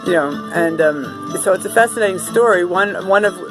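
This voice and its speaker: A woman's voice: lowish voice, normal speed, poor audio. Rambling woman with fiddle music behind. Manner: rambling, chatty, many fillers and restarts. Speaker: artist showing her home studio. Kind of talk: casual vlog chat and home tour. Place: home, walking from room to room and into a kitchen. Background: Cajun fiddle music playing from a computer.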